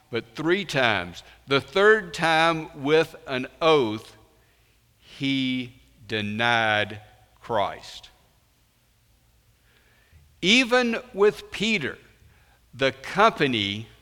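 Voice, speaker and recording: Slow, emphatic preacher in a reverberant hall. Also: male voice, mid-range voice. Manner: slow, emphatic preaching with sudden loud rises. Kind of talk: sermon. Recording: long reverb in a large hall.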